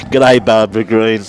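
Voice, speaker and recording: A man's voice: fairly low pitch, clean tone. A man with an Australian accent commentating a lawn bowls livestream, chatty and matey, greeting viewers by name from behind a glass window. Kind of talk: live sports commentary with viewer shout-outs. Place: indoors behind a glass window beside the green.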